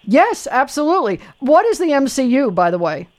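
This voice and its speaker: A man's voice: very high-pitched, sing-song, a little fast. Chatty male radio trivia host. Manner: chatty, many fillers and restarts. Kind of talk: casual live radio chat.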